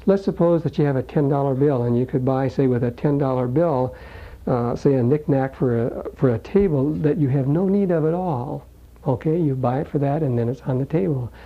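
A man preaching a sermon in a folksy, conversational way, slowing down to read scripture aloud. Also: medium pitch, husky. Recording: dull lo-fi recording.

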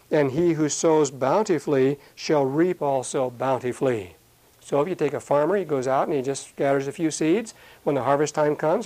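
Man, Bible teacher, verse-by-verse teaching, chatty with fillers, slow deliberate scripture reading, somewhat high voice. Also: darkish tone, low-quality recording. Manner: conversational, many fillers, slows to read scripture aloud.

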